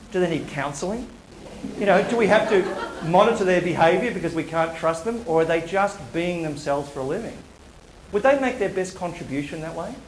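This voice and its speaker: Over a noisy background, a public speaker with a slightly high voice jokes his way through a live university talk. He playfully throws rhetorical questions at the crowd, and the lecture hall adds a roomy echo.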